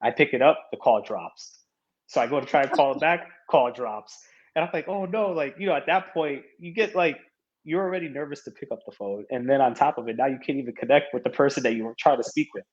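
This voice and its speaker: A man's voice: mid-range voice, a little fast. A man in his thirties, a podcast guest, telling stories in a casual interview, laughing often and acting out what people said. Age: 30s. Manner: animated storyteller who laughs often and acts out quoted lines. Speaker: podcast guest, martial arts competitor. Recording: dull lo-fi audio.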